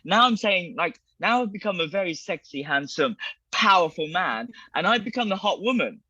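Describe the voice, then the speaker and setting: A man's voice: high-pitched, moderate pace, husky, dry recording, dull audio. A man as a guest in a casual conversation, telling stories animatedly, swearing and acting out what others said. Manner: animated storyteller, swears, acts out quotes. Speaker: guest, bodywork practitioner.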